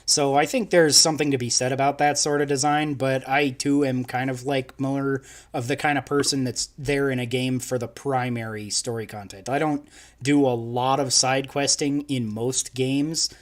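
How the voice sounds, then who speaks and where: A young man co-hosts a casual podcast live stream, rambling, laughing and interrupting himself with frequent restarts. His voice is mid-range, with fairly even intonation and a moderate pace.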